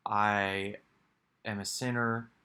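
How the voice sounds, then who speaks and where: A man voicing a repentant male thief on a cross, speaking in an earnest, pleading way in a low voice. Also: level tone, slow, pushed and bright, smooth.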